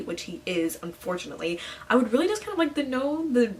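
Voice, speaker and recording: A woman's voice: high-pitched, big pitch swings, fast talker, distant mic, a little hiss or hum, poor audio. A young woman talking casually about books on her channel, chatty and full of "like" and playful asides. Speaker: book vlogger. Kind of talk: casual book talk.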